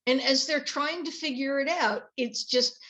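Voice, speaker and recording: A woman guest on a fan panel, retelling a plot step by step in a lively storytelling way. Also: sits high, normal speed, poor audio. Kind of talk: casual panel discussion.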